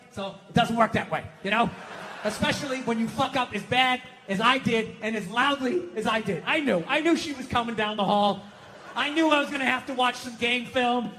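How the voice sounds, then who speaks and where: A middle-aged man doing a stand-up routine, with loud, profane ranting and sudden shouts. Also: very high-pitched, slight background noise. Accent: Boston. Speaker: stand-up comedian. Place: live comedy venue with audience laughter.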